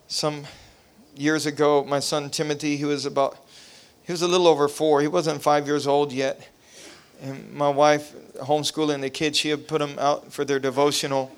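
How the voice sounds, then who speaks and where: Smooth-voiced male pastor preaching. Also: on the high side, flat delivery, normal speed. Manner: preaching with rising emphasis, drops to quiet storytelling. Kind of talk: revival sermon.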